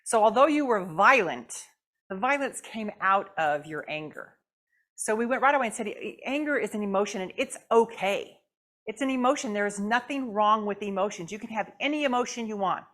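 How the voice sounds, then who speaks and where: A woman's voice: medium pitch, expressive, brisk, fairly bright tone. A woman guest speaker giving a conversational sermon in church. She asks the audience questions and acts out the voices she quotes. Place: church sanctuary.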